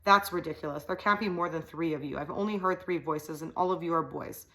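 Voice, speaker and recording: A woman's voice: low-pitched, brisk, pushed and bright, rough recording. A woman voicing a stern, cold male teacher with a clipped way of speaking, in an audiobook reading. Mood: cold, curt.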